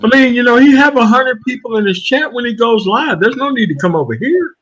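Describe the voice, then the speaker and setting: A man's voice: very high-pitched, lively intonation, brisk, fairly bright tone, rough recording. A man on a podcast panel speaking bluntly and dismissively. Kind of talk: casual chat.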